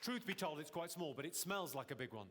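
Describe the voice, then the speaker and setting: Brief: deadpan male stand-up working the crowd, slightly high voice, loud laughing audience and noise. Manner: deadpan, quick insults, teasing the audience. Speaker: stand-up comedian. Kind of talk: live stand-up with crowd work. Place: large comedy venue with a live audience.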